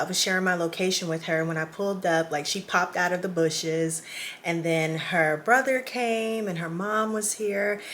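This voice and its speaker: A woman's voice: lowish voice, fairly bright tone, slight background noise. A woman vlogger talking casually to camera in a small indoor guest room. She is emotional and close to tears, and chats directly with her viewers. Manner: chatty, addresses viewers directly.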